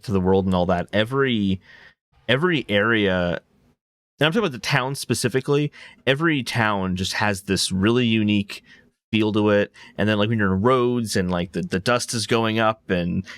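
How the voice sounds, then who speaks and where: A man's voice: lowish voice, dry recording, clean studio sound. A man co-hosting a casual gaming podcast, telling stories in a rambling, enthusiastic way. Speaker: podcast co-host.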